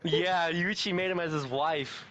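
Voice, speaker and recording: A man's voice: on the high side, measured pace, a bit bright, a little hiss or hum. A man co-hosting a casual podcast, recapping an anime episode, laughing constantly and swearing casually. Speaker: podcast co-host.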